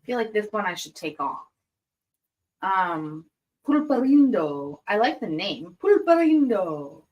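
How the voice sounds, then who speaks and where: A woman's voice: medium pitch, lively intonation, unhurried, long pauses, muffled recording. A woman hosting a casual livestream, chatting and giggling as she tastes candy and savors it aloud. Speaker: livestream host reacting to court videos. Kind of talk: casual livestream chat while tasting candy.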